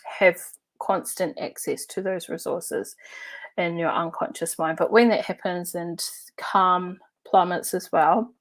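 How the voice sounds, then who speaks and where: A woman's voice: lowish voice, slow pace. A woman coach telling a story and teaching in a casual, chatty way, laughing now and then and using lots of fillers. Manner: chatty and animated, laughs while telling stories; loose, with many fillers like "uh" and "like". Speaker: NLP and hypnotherapy coach.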